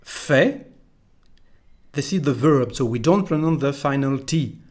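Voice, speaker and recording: Male French teacher, French accent, mid-range voice; patient, deliberate lesson delivery with lots of repetition. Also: medium pitch, animated, darkish tone. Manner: slow, careful, repeats each phrase for the learner. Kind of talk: pronunciation lesson.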